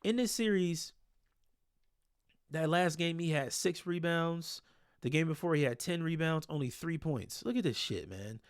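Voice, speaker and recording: A man's voice: fairly high pitch, lively intonation, unhurried, clean tone, no echo, clean studio sound. A man breaking down basketball game film in a casual, exasperated and blunt way, swearing freely.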